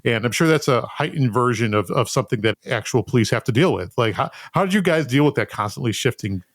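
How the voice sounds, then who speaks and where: A man hosting a podcast interview, asking relaxed, conversational questions and chiming in with short acknowledgments. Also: medium pitch, fast, no echo, studio quality. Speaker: podcast host.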